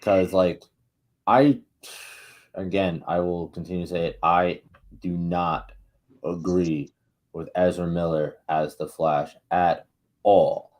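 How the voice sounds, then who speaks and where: A man co-hosting a podcast, chatting casually about movies, excitable, swearing a lot and acting out scenes. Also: low voice, takes it slowly, pauses often. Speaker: podcast co-host.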